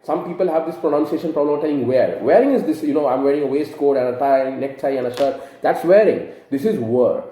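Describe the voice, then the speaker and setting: A man's voice: a little high, quick pace, few pauses, warm tone, echoey room, rough recording. A man teaching grammar to camera, explaining patiently and asking rhetorical questions. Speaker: English teacher.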